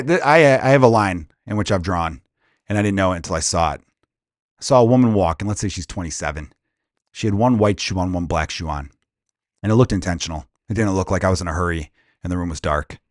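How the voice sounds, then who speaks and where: A man hosting a comedy podcast, ranting casually in a crude, profane, animated way and slipping into quick impressions. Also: on the low side, no room sound, studio quality.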